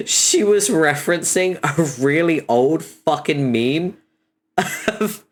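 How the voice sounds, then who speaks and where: A young man chatting casually on his stream, swearing freely and breaking into frequent laughter while telling stories. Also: takes it slowly. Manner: animated storytelling, laughter rising high in pitch.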